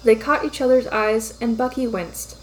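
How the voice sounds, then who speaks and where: Female fan fiction reader, fairly high voice, brisk and lightly amused. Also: steady tone, slight background noise, poor audio. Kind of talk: scripted narration of fan fiction.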